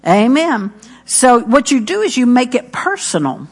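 Emphatic higher-pitched woman preacher. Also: sing-song, unhurried. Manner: earnest and emphatic, repeating key phrases. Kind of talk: sermon.

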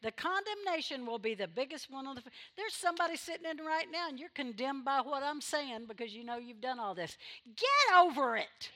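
Woman pastor, fairly high and bright, fervent sermon delivery with loud exhortations. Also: expressive. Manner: emphatic preaching with sudden loud exhortations and quick asides. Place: church sanctuary.

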